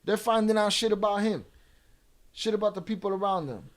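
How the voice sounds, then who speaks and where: A man's voice: high-pitched, fairly quick. A middle-aged man hosting a live stream, talking bluntly and profanely as he rants back at his chat. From United States.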